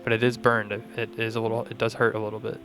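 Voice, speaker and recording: A man's voice: fairly low pitch, completely flat delivery, fast talker, a bit bright, faint music behind. A man co-hosting a comedy call-in show, talking in a playful, mock-earnest way. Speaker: co-host. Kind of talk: comic improv call-in.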